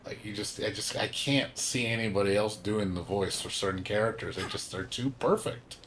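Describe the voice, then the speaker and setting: A man's voice: lowish voice, normal speed, few pauses, a bit bright, a little hiss or hum. A young man chatting casually on a game livestream, rambling with lots of fillers, emphatic and swearing now and then. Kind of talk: casual gaming stream chat.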